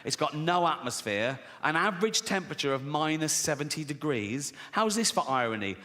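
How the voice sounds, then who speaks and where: Man, stand-up comedy, sardonic, sweary, bright tense voice, echoing theatre hall. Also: a little high. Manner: sardonic, swearing, laughing at his own jokes. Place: large theatre stage. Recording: live hall reverb, faint noise.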